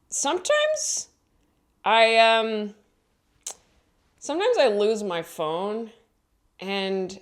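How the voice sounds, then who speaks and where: A woman comedian telling rambling stories in a casual, mumbly way and acting out quotes in higher voices. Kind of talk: casual comedic storytelling monologue.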